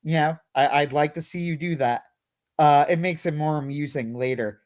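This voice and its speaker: A man's voice: a little high, moderate pace, darkish tone, close to an everyday voice. A man doing a smug, offhand demon. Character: smug deal-making demon, adult male.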